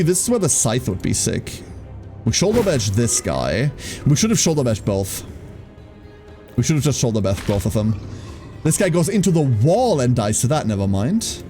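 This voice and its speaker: A male streamer commenting live on his gameplay, thinking aloud and cursing freely. His pitch swings widely as he talks, and his tone is mellow and warm. Faint music plays underneath. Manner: thinks aloud, swears, casual and frank.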